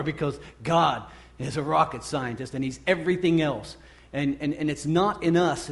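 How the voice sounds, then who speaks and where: A man in his thirties delivers a sermon in an earnest, conversational way. His voice sits a little higher than most men's, and he often circles back on a phrase to press his point. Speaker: pastor.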